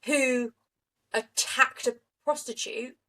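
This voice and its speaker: A woman co-hosting a podcast, telling a true crime story in an animated, indignant way. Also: sits high, takes it slowly, rough recording. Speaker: podcast co-host.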